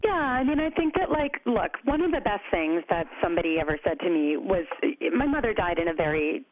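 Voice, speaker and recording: A woman's voice: mid-range voice, sing-song, brisk, no echo. A woman guest in an interview, talking candidly and with animation, often filling with "like" and "you know". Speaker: podcast guest, co-founder of a grief community. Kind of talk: conversational interview. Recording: tinny phone-line sound.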